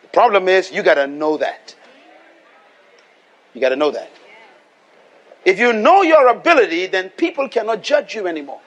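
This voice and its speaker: A man's voice: high-pitched, sing-song, normal speed, pauses often, highs cut off. A Bahamian man preaching a live sermon, emphatic and repetitive, calling on the congregation to respond and repeat after him. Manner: emphatic, repeats lines and calls for audience response. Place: live venue before a congregation.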